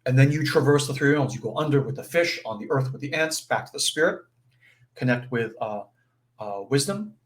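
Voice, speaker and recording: A man's voice: medium pitch, animated, brisk. A man leading an informal spiritual teaching session, talking conversationally with frequent fillers and "right?" check-ins. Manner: acts out brief quoted voices with chuckles.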